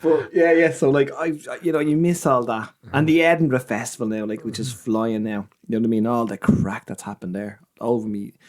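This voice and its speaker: An Irish man, a comedian, telling anecdotes in a casual chat, animated and swearing freely. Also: mid-range voice, a little fast, few pauses. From Ireland. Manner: animated storyteller, swears freely, acts out voices in his anecdotes. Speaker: comedian guest.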